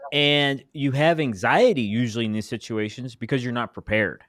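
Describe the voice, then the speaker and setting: A man's voice: medium pitch, moderate pace, fairly bright tone, no room sound. A male host with a dry, close-miked sound. He affirms his guest's points and steers the interview with brief questions. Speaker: podcast host. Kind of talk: conversational interview.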